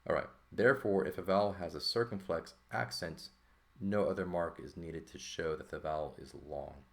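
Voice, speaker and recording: Low, gravelly male teacher; relaxed, thinking-aloud delivery with lots of "right?". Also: moderate pace. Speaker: Greek teacher. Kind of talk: casual lesson walkthrough.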